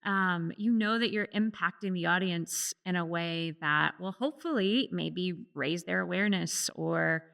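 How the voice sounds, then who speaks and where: Podcast host lady, laid back, lots of ums, bit of vocal fry. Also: lowish voice, unhurried, few pauses. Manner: relaxed, hesitant with many ums. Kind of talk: casual conversation.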